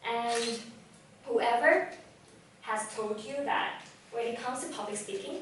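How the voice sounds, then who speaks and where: A young woman whose first language is Vietnamese, giving a lively, direct talk on public speaking to a live audience. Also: a little high, takes it slowly, a little hiss or hum. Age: young adult. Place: event hall. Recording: echoey hall, voice from far off.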